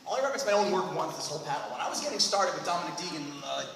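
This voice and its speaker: A man in his fifties hosting a comedic writing panel at a convention, acting out squeaky comic voices. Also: expressive, very fast, creaky, crowd noise. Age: 50s. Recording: echoey hall from far off with loud noise.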